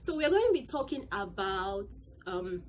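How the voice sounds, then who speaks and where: A young woman hosts her own review vlog, speaking at a mid-range pitch. She talks in a chatty, excitable rush and leans hard on words she cares about. Faint room ambience sits low behind her. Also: normal speed, slight background noise, low-quality recording. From Nigeria. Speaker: host. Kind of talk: casual movie review vlog.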